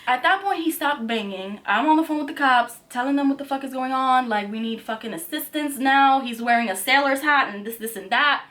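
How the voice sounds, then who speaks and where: A young woman vlogger tells a story to camera with lots of energy and constant swearing. Her voice sits a little high. When she quotes people she pushes her voice up and out. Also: brisk, hardly any pauses. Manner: animated, profanity-heavy storytelling; acts out quotes in a raised voice. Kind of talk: storytime vlog.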